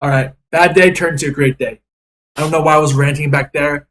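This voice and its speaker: A man's voice: a little high, steady tone, a little fast, a bit bright. A young man giving live, profanity-laden commentary on his day trades, frustrated and ranting.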